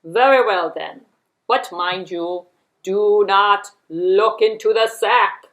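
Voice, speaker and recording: A woman's voice: fairly high pitch, very animated, takes it slowly, highs cut off. A woman voicing a sly, courteous male fox in a children's puppet show, commanding in a polite way. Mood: polite, firm.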